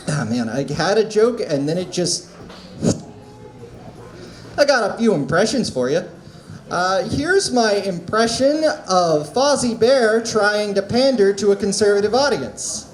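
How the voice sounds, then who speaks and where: A male comic working an open mic, setting up jokes deadpan before snapping into impressions. His voice sits high and moves unhurriedly with a lively rise and fall. The room around him is echoey. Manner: deadpan setups, punchy impressions. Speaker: stand-up comedian. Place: small comedy venue.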